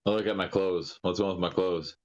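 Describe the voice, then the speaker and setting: A man's voice: sits low, fairly even intonation, fairly quick, highs cut off. A man playing a tabletop role-playing game, asking bemused questions. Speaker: player.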